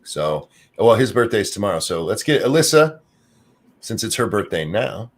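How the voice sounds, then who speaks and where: A man's voice: fairly low pitch, big pitch swings, moderate pace. A middle-aged man hosting a live-stream podcast in casual chat, joking and laughing off his own slip-ups. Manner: joking, laughs off flubbed intros. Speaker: podcast host.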